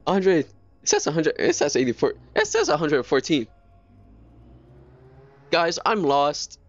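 A man streaming a video game live, chattering excitably and repeating himself in quick bursts. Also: fairly high pitch. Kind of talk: casual live gameplay commentary. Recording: dull lo-fi stream mic.

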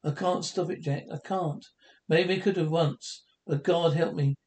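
A man's voice: on the high side, steady tone, a little slow, a little mellow. A man doing a worn-down wife, pleading. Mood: weary, defiant. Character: frightened woman, abused wife, fed up.

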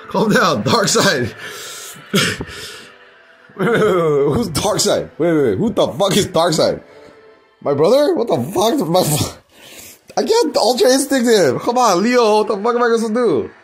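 Excitable, husky man with a lively high voice. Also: measured pace, long pauses. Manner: excitable, profane, laughing often. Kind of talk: casual rambling vlog.

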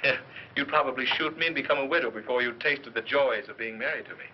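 A man's voice: medium pitch, quick pace, highs cut off, slight background noise, lightly acted. An actor playing a cocky, dry-witted man in 1930s film style, on an old soundtrack. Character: cocky wisecracking man, sweet on heroine.

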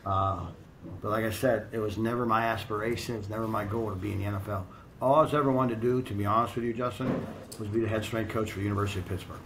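A man's voice: lowish voice, steady tone, fast, noisy background. A middle-aged American man and strength coach telling blunt, profane, rambling stories in a casual interview.

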